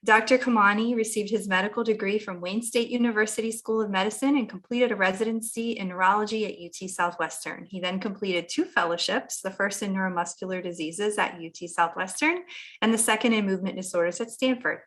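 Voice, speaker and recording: A woman's voice: mid-range voice, fairly even intonation, brisk, a bit bright. A woman moderating an online symposium, friendly, thanking one speaker and reading the next one's introduction. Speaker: event moderator. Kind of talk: hosting a webinar.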